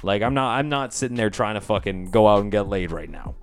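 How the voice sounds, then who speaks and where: A man's voice: on the low side, expressive, fairly quick, smooth, faint music behind. A young man co-hosting a podcast, chatting casually, joking and swearing often. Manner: profane, laughing, joking. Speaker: podcast co-host. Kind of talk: casual chat.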